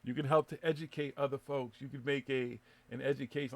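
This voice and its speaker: Brief: male host of a live web radio show, gravelly mid-pitched voice, rambling, profane, restarts a lot. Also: steady tone, fairly quick, few pauses. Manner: loose, swearing, laughing, stumbling restarts. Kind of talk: casual live show banter.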